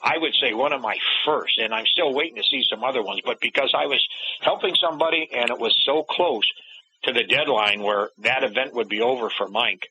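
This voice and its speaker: A man's voice: mid-range voice, fairly quick, sharp tone, slight background noise. A middle-aged man, a guest in an interview, telling a personal story and acting out the dialogue he remembers. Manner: acts out remembered dialogue in changing voices. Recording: dull lo-fi audio.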